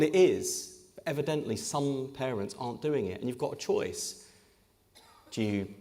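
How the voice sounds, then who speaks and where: A man's voice: medium pitch, a little mellow. A man, an English politician, speaking in a live on-stage conversation with punchy, joking delivery. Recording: echoey hall with long reverb.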